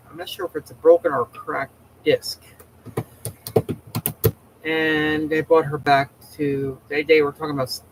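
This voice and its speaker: A man's voice: a little high, fairly bright tone, a little hiss or hum, poor audio. A man hosting a casual livestream, rambling and chatty with many restarts, talking from home. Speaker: livestream host.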